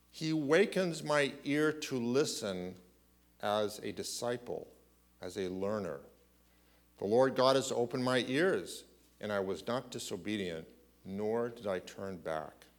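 A man preaching a sermon, asking rhetorical questions and often clearing his throat. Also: medium pitch, lively intonation, slow. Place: church.

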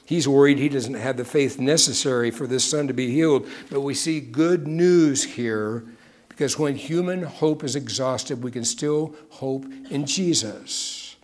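Man, pastor, sermon, earnest preaching, hushed drops on key words. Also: mid-range voice, normal speed. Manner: earnest, dropping to a hush on key phrases.

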